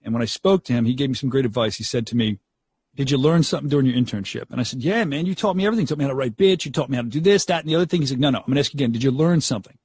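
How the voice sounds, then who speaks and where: A man's voice: medium pitch, rapid-fire, slightly rough, dry recording. A young man, a radio DJ telling stories animatedly in an interview. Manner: animated, acts out quotes, laughs often. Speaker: radio DJ guest. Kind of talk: storytelling interview.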